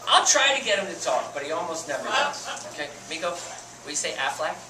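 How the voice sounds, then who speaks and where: A man who keeps animals, giving a chatty, animated educational talk to a group and laughing often. He is recorded from a distance with loud surroundings behind him. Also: a little high, a little fast, background noise. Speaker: animal keeper. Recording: echoey and distant with loud ambience.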